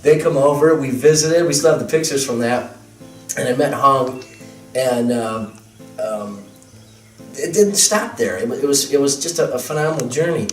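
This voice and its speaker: Male guest recounting an anecdote in a lively way, room-miked from a distance with faint music. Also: mid-range voice, normal speed. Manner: animated, laughing, quotes voices. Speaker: guest telling his story. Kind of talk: casual storytelling. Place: temple hall. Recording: roomy sound from a distance, music.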